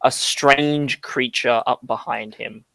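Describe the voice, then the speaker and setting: A man's voice: mid-range voice, steady tone, slow, creaky, bright, forceful tone, dry recording, poor audio. A young Australian man running a tabletop game as dungeon master, hesitant and full of ums. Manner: hesitant, lots of ums, hums tunes.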